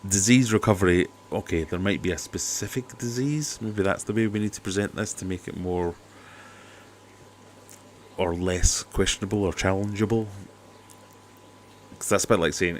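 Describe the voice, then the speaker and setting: The host of an aquarium channel chats at a moderate pace in a low-pitched voice, skeptical and joking as he streams casually from home. His cheap desk mic adds a little hiss or hum.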